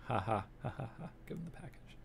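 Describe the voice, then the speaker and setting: A man's voice: medium pitch, expressive, quick pace, gravelly, slight background noise. A young man streaming a game, rambling and joking as he thinks aloud while playing. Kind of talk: casual gameplay commentary.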